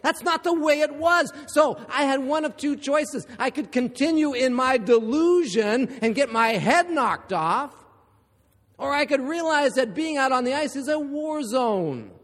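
A man from Ohio preaching a sermon, emphatic and building to forceful repeated lines. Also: extremely high pitch, expressive, a little slow, long reverb tail.

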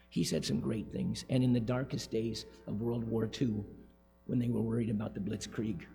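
A man's voice: mid-range voice, gravelly, mellow. A man preaching a sermon as pastor, emphatic and joking, repeating his key points. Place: church sanctuary, speaking from the pulpit. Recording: long church reverb, faint music.

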